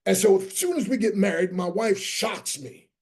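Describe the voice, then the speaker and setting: A man gives a motivational business talk in a high, raised voice, delivered like a sermon. His tone has a gravelly edge of fry. He drives his points home and rallies his listeners to answer him. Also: expressive, normal speed, a little mellow. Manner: preacher-like, emphatic, rallies listeners; spells out key words letter by letter. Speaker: guest motivational speaker. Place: online training session.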